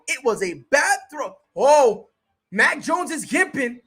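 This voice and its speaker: A streamer giving casual live play-by-play commentary, slangy and excitable, chatting with viewers between plays. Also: high-pitched, takes it slowly. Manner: excitable, bursts into shouted reactions and laughter. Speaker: sports streamer.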